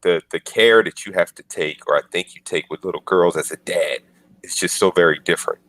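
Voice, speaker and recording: A man's voice: deep voice, fairly quick, fairly bright tone, no room sound, low-quality recording. A man in his forties on a podcast panel, telling earnest stories and acting out the lines he quotes. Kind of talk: casual panel discussion.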